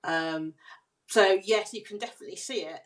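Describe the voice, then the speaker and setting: A woman guest on a podcast interview, explaining her ideas on leadership in an earnest, measured way. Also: mid-range voice. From United Kingdom.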